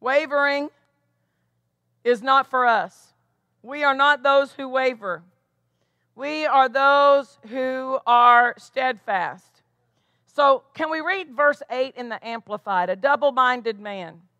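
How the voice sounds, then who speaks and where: A woman's voice: high-pitched, slow pace, pushed and bright, no echo, highs cut off. A woman pastor preaching a sermon with emphatic delivery, tossing questions back to the congregation. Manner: emphatic preaching with call-and-response asides.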